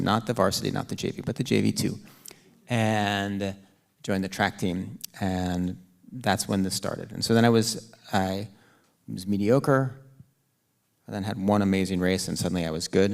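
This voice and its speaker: A middle-aged man, an author and runner, telling animated stories in an onstage conversation, often adding "like" and "right?". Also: fairly low pitch, creaky. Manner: animated storytelling with frequent "like" and "right?". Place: auditorium stage.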